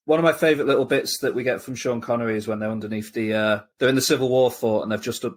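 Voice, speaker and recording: A man's voice: mid-range voice, fairly quick, husky. A man co-hosting a casual film podcast, speaking hesitantly with chuckles. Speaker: podcast co-host.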